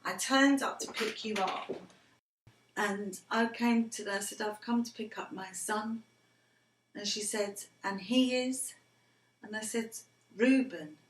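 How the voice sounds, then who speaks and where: A woman's voice: mid-range voice, slow. A middle-aged woman, earnestly recounting personal stories to her grown son and often dropping to a near whisper. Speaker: interviewee, mother of the interviewer. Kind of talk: personal storytelling in conversation. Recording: roomy with faint background noise.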